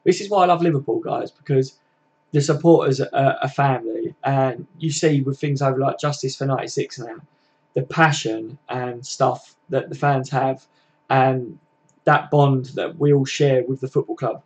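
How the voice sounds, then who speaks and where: A man's voice: mid-range voice, steady tone, moderate pace. A man, chatting casually and rambling on a live stream to his viewers. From England. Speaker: fan channel host.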